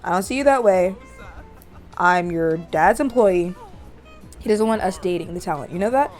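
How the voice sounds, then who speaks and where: A woman's voice: on the low side, expressive, normal speed, soft background music, lightly acted. A woman doing a nervous apologetic young man. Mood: hesitant. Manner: hesitant, defensive, apologetic.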